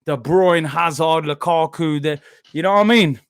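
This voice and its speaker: A young man hosting a live football watchalong, reacting loudly to the play and then talking himself back down. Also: fairly high pitch, moderate pace, smooth. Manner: excitable, shouts at big moments, then calms himself down. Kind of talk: live match watchalong commentary.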